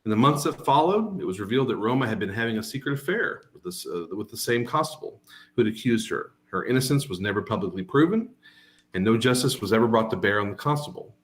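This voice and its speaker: A man's voice: fairly low pitch, animated, fast talker, natural voice. Man putting on a stammering, timid tavern fellow. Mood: calmer storytelling. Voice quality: stammering, hesitant.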